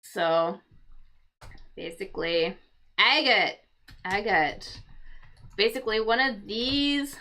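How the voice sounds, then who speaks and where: A woman's voice: medium pitch, pushed and bright. A woman hosting a casual crossword livestream for English learners, thinking aloud and explaining word meanings patiently.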